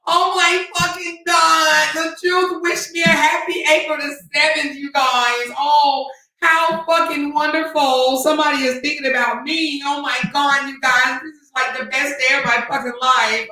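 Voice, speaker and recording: A woman's voice: high-pitched, fairly even intonation, a little slow, bright, forceful tone, very echoey, far from the mic, voice pushed up, rough recording. A woman putting on a squealing starstruck fan girl. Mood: gushing.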